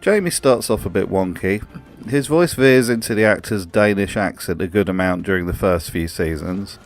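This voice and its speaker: A man's voice: low-pitched, normal speed, faint music behind. A man hosting a comedic commentary video, with a dry, sardonic delivery. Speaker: host.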